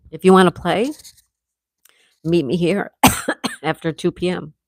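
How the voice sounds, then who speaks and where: A middle-aged woman hosting a casual livestream, reading viewers' comments aloud and chatting back warmly. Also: lowish voice, fairly even intonation, slow, no echo, studio quality. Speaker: livestream host reading chat. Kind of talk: casual live chat.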